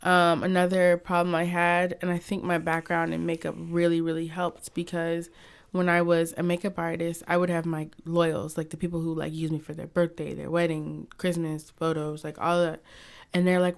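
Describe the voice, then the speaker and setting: A young woman from the United States chatting in an interview, telling stories in an animated way and acting out quotes from others. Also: lowish voice, normal speed, vocal fry, smooth. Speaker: guest, cosmetics company founder. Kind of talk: casual interview chat.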